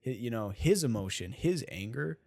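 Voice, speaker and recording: A man's voice: medium pitch, animated, moderate pace, gravelly, darkish tone. A man co-hosting a movie review podcast, talking enthusiastically with lots of fillers and restarts. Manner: enthusiastic, rambling, many fillers and laughs. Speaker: podcast co-host. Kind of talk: casual movie review chat.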